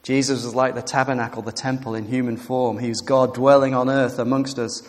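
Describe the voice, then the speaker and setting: Male preacher, mid-pitched voice, animated sermon delivery, long hall reverb. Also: a little fast. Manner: animated, rising to emphatic peaks and dropping to quiet reflection.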